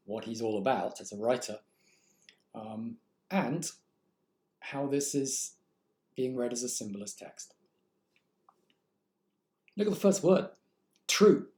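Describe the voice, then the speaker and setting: A man's voice: on the low side, darkish tone. A man lecturing on literature, thinking aloud and posing rhetorical questions to his students. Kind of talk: recorded lecture. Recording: echoey room.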